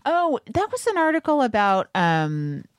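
Lowish woman co-host, animated, wry, dry close sound. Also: dry recording. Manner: lively, wry, quick back-and-forth. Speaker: podcast co-host. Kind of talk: casual chat.

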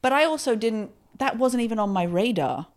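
A woman's voice: on the high side, animated, a little fast. A woman from Britain with a British accent, a guest chatting casually and wryly. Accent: British English. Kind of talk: casual interview chat.

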